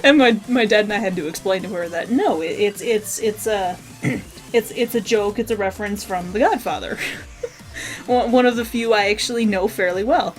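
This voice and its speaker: A woman's voice: medium pitch, normal speed, soft background music. A woman giving a casual spoken review of a cartoon episode, rambling and frankly opinionated.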